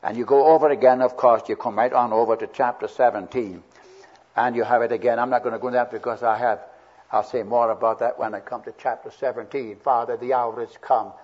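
A man's voice: medium pitch, steady tone, fairly quick, a little mellow, breathy edge. A man preaching a sermon verse by verse, earnest and swelling with emphasis on key words. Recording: dull lo-fi old recording.

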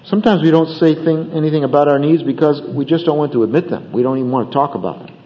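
A man's voice: a little high, fast talker, in a large hall, muffled recording. A man preaching a sermon about marriage in an earnest manner, with rising emphasis and acted bits of dialogue. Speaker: pastor.

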